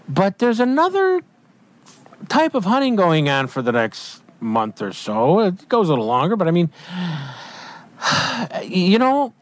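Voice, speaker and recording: A man hosting an outdoors radio show, chatting in a jovial, playful way with a caller. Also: fairly high pitch. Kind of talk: casual outdoors radio chat.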